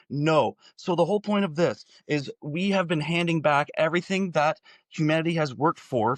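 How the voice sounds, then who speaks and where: Guy in his 40s ranting solo, lotta rhetorical questions, kinda high voice, dry sound. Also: no room sound. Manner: impassioned, full of rhetorical questions. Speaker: political commentator. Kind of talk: solo commentary monologue.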